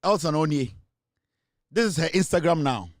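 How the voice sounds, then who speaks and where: A man's voice: on the high side, animated, normal speed, very noisy. A man with a Ghanaian accent in an angry, scornful rant, switching between English and Twi. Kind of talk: angry social media rant.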